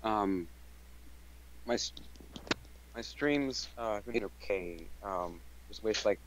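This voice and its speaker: A man's voice: fairly low pitch, takes it slowly, noisy background. A young man, a fellow streamer calling in, talking hesitantly with many fillers and restarts. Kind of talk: casual chat.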